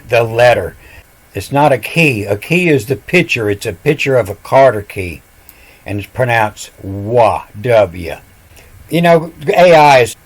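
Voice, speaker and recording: A man in his fifties giving a meandering online lecture on ancient letters, spelling words out letter by letter as he goes. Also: mid-range voice. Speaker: self-taught ancient language teacher.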